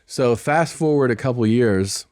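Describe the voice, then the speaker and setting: A man's voice: medium pitch, a little slow, a little mellow, no room sound, studio quality. A middle-aged man hosting a podcast, telling a story in casual chat and acting out the people in it. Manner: laid-back anecdote telling, acting out quoted exchanges. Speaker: podcast host and comedian. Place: podcast studio. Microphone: studio microphone.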